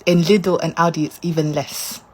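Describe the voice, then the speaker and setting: A woman's voice: lowish voice, fairly even intonation, normal speed, slightly rough. A British woman, a vlogger on holiday, ranting to the camera in a mock-outraged, exclaiming way and repeating herself for effect. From United Kingdom. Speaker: visiting vlogger.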